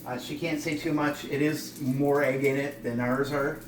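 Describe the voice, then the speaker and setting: A man's voice: mid-range voice, moderate pace. A man casually explaining a recipe as he cooks at home, chatting with a friend beside him. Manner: relaxed, chatty explaining while cooking. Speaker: home cooking channel host. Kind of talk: casual cooking demonstration. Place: home kitchen. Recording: echoey kitchen, distant mic, noisy. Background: pots, pans and dishes clattering.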